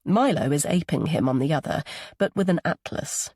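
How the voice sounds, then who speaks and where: Husky low woman reading a thriller audiobook. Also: expressive, normal speed, darkish tone, no room sound, clean studio sound. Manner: voices each character in dialogue. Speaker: audiobook narrator. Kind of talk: scripted audiobook narration.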